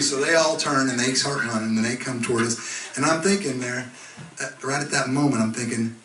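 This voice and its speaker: A man performing live, telling a funny story between songs in a relaxed, chatty way. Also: medium pitch, a little fast, crowd noise. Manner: laid-back, conversational, chuckling through the story. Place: concert venue stage with audience. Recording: echoey live room, distant, audience noise. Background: live audience.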